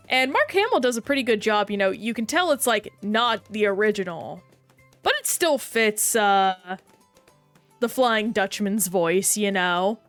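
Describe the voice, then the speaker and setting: Slow-talking woman streamer. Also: fairly high pitch, a bit bright, dry recording. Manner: chatty, rambling, reacts to game and chat. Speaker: game streamer. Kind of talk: casual live-stream chat while gaming.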